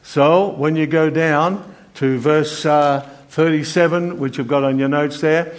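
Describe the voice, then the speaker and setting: Preaching a sermon, an older man reads scripture in an earnest, faltering way, packed with fillers and restarts. His tone is steady and his pitch a little high.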